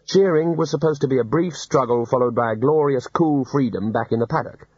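Husky-voiced man narrating an audiobook. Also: medium pitch, a little mellow, no room sound, highs cut off. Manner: dry, unhurried storytelling.

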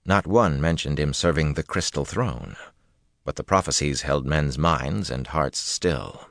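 Male audiobook narrator, very low voice, steady delivery, dry booth sound. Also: unhurried, vocal fry, no room sound. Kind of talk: scripted narration.

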